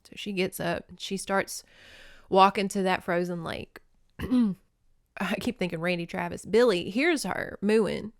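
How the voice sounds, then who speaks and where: A woman's voice: mid-range voice, a little slow, dry recording, studio quality. A woman hosting a podcast, giving a folksy, sentimental recap of a movie and laughing often. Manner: fond and sentimental storytelling. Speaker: podcast host.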